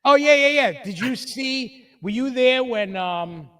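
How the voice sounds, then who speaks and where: High-voiced male podcast host, lively storyteller, sits a little off the mic. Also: unhurried, recorded from a distance. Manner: animated storyteller, acts out quotes in a lower voice. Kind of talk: casual chat, telling stories.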